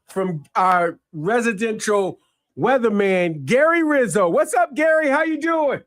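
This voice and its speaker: A man's voice: high voice, expressive, a little slow, fairly bright tone. A man hosting a radio show, joking around in casual, playful banter. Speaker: radio sports show host.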